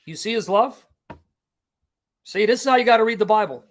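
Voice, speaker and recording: A man's voice: high-pitched, animated, fairly quick. A man preaching in a livestream Bible teaching, impassioned and emphatic, firing rhetorical questions at his listeners. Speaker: Christian preacher and apologist.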